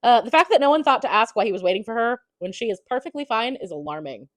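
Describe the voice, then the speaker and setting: A woman's voice: a little high, lively intonation, fast, dry recording. A woman giving a casual chapter recap as a book reviewer, chatty and profane with lots of fillers.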